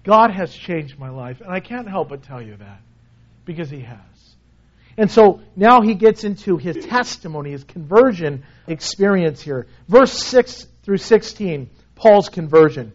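A man with a high voice preaches a sermon in a casual, conversational way. He often sinks to a soft, hushed tone to stress a point. The recording sounds a little muffled. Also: animated, a little slow. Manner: conversational preaching, dropping to a soft low voice for emphasis. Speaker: pastor.

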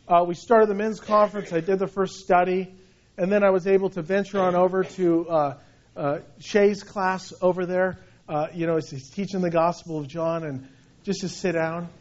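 Middle-aged male pastor with a high voice, animated anecdotal preaching; muffled lo-fi recording. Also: moderate pace. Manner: conversational, animated storytelling with restarts. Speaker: senior pastor. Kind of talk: sermon. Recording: dull lo-fi sound.

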